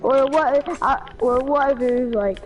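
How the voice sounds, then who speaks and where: Higher-voiced woman rambling and giggling. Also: a little slow, poor audio. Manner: rambling, giggly, jumps into silly put-on voices. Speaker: vlog co-host. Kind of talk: casual chat.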